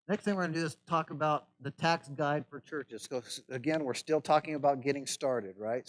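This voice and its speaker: A pastor teaches a class on church administration in a conversational style, regularly checking in with "right?" and tossing in wry asides. His voice is mid-range.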